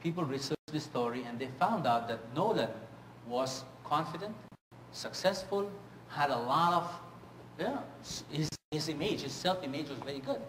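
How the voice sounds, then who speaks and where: A male speaking coach addressing a room full of trainees with animated, slightly high delivery. He often asks the audience whether they follow. The sound echoes around the room with a faint ambient hum. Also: moderate pace. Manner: animated, rhetorical check-ins with the audience. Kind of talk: seminar talk with storytelling.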